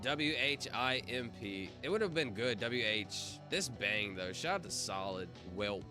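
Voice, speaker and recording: A man's voice: mid-range voice, expressive, measured pace. A man streaming live, chatting casually with his viewers and spelling out letters as he plays a word game. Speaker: livestreamer. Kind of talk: casual livestream chat. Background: music playing.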